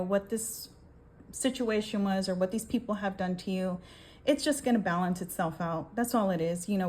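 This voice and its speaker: A woman's voice: mid-range voice, darkish tone. A woman giving a casual tarot reading, talking emphatically, swearing and often checking in with "okay?". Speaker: tarot reader.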